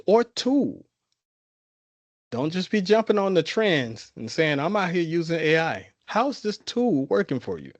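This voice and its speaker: A man's voice: on the high side, no room sound. A man from the Carolinas with a Southern twang, giving a folksy, conversational presentation as a guest speaker. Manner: folksy, repetitive, informal grammar.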